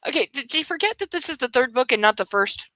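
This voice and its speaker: A woman reads a romance novel aloud and mocks it with sarcastic, deadpan asides. Her voice is bright and crisp. The sound is close and dry, with no room around it. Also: sits high, fast talker, no echo, poor audio. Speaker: host of a comic book-reading show. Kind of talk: mocking commentary on a book.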